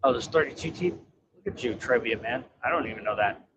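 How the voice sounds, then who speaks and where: A man's voice: medium pitch, quick pace, dull audio, background noise. A man driving a truck and chatting casually on a livestream, profane, laughing and telling stories. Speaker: truck driver.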